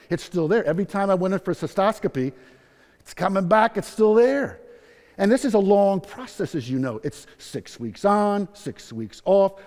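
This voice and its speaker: A man in his sixties tells his own story to a conference audience, keeping it upbeat and funny. His voice sits a little high for a man. The hall around him rings with a long reverb. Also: a little mellow. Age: 60s. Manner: upbeat, humorous storyteller, acts out quotes. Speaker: patient speaker at a nursing conference. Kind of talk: personal story talk to a live audience.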